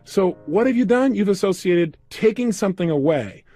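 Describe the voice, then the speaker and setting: A man's voice: high voice, animated, moderate pace, mellow. A man coaching listeners through a self-help program, giving emphatic step-by-step instructions. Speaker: motivational coach. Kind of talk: recorded self-help seminar.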